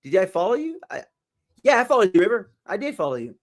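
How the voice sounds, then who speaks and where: Upbeat high-voiced man hosting a live stream. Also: very animated, fast. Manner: upbeat, greets viewers by name, laughs often. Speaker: livestream motivational host. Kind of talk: live stream chat reading. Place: home livestream setup.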